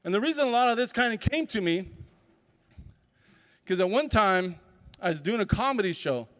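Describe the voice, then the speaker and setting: A man's voice: high-pitched, expressive, moderate pace, a bit bright. A man, a speaker and comedian, telling a personal story at a summit and acting out the dialogue with animation. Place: large conference hall. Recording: long hall reverb.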